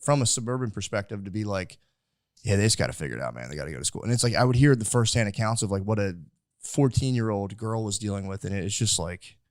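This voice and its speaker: Fast, rambling podcast host man. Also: on the low side, a little mellow, dry recording, clean studio sound. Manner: rambling, filler-heavy, lots of "like". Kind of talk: casual podcast interview.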